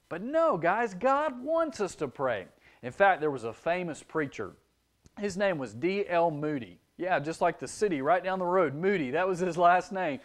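A young man teaching a children's sermon, speaking with animated expression and acting out children's voices. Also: sits high, normal speed.

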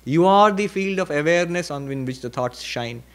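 Monk lecturer, moderately high male voice, reflective, emphatic pauses and repetition. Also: animated, fairly bright tone. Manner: reflective teaching with repetition and rhetorical questions; varies pitch and pace for emphasis. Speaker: monk and spiritual teacher. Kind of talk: spiritual lecture at a retreat.

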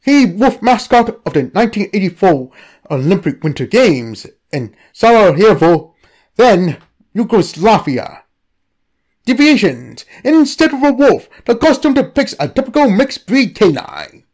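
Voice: medium pitch, sing-song, measured pace, a little mellow. A narrator reading a comedic anomaly file in a scripted style.

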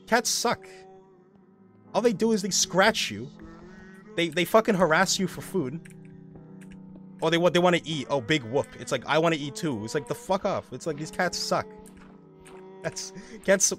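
A man streaming a game, ranting casually in a profane, rambling, excitable way. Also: fairly high pitch, moderate pace, pauses often, faint music behind. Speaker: gaming streamer. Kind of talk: casual rant while playing a game.

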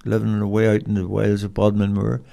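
A man's voice: on the low side, monotone, fast, vocal fry, warm tone. An older man, a podcast guest telling rambling, colloquial stories in a casual interview. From Cork, Ireland.

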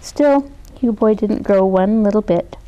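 A woman reads a children's picture book aloud with a warm, mellow tone. Her delivery is gentle and expressive, at an ordinary pitch for a woman. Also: unhurried, highs cut off. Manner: gentle, expressive read-aloud with voiced characters. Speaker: storybook reader. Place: community media studio.

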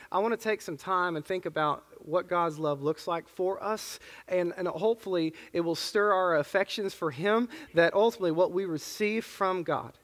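A man's voice: high-pitched, a bit bright. A man in his thirties, a pastor preaching a sermon in an earnest, conversational way with casual asides. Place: church sanctuary. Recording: long church reverb.

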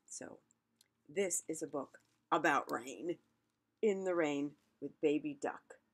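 A woman's voice: low voice, takes it slowly, breathy edge. A woman reading a picture book aloud, chatty and musing, with asides between pages. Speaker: storyteller.

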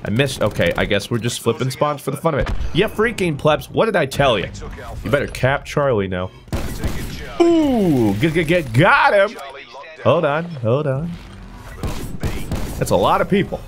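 A young man giving playful, jokey commentary over his own gameplay, trash-talking and yelling with sudden bursts of excitement. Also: medium pitch, moderate pace. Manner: playful, jokey trash talk, animated outbursts. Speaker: gaming YouTuber. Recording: game audio with gunfire and music behind.

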